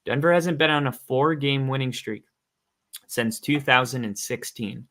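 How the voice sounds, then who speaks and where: A man co-hosts a casual sports podcast with a bright, forward tone. He tells stories with energy and acts out what other people say. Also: medium pitch, a little slow. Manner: animated storytelling, acts out quotes. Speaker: podcast co-host.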